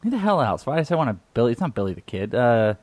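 Male co-host, mid pitch, rambling and laugh-prone, dry close-mic sound. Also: sing-song, very fast, darkish tone, dry recording. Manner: rambling, laughs often, trails off and restarts. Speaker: podcast co-host. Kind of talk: casual chat.

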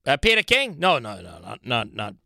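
A man putting on a slow, deadpan voice of a stern male boss scolding with a memo. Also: medium pitch, creaky, no echo, studio quality, pitched below the performer's own voice, heavily acted. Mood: mock stern. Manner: slow, flat, hesitant scolding.

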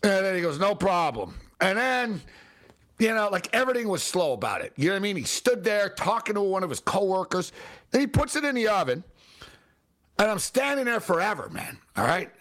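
High-pitched man ranting with lively swings. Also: a little fast. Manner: animated, exasperated, heavy on fillers. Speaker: show host. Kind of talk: casual ranting storytelling.

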